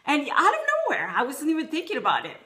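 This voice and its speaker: A woman's voice: high voice, huge pitch swings, fast, pushed and bright. A woman in her thirties giving a conversational sermon to women, telling personal stories with quoted dialogue. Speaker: women's ministry speaker.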